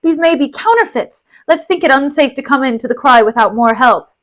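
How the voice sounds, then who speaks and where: A woman voicing a cautious male nobleman in a measured reading. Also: sits high, animated, fairly bright tone. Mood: wary.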